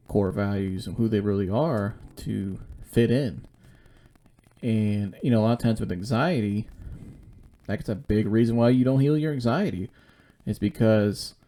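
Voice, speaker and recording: A man's voice: on the low side, dark tone. A man hosting his own show, talking alone in a casual, rambling and blunt way that circles back on itself. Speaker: podcast host. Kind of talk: casual solo monologue.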